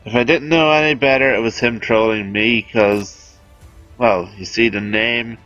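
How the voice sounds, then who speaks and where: A man's voice: mid-range voice, steady tone, a little slow, fairly bright tone, dull audio, faint music behind. A man giving casual, chatty, self-amused commentary over a video game as he explains weapons. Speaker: game guide host.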